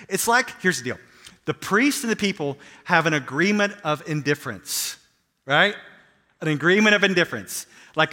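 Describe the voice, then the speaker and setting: Bright-voiced man preaching in an echoey hall. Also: a little high, fairly quick. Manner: animated preaching, acts out quoted voices. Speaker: pastor. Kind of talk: sermon. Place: church sanctuary.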